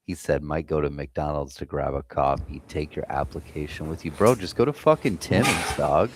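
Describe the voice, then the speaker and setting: With a bass voice at normal speed and a little background noise, this American guy runs a live trading stream. He's casual and profane, reading the chat aloud and talking with his viewers.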